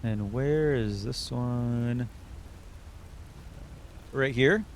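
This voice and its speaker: A man with a mid-range voice mutters extremely slowly, thinking aloud in a relaxed way as he live-streams a video game. His throat is getting a little sore, and there's slight background noise.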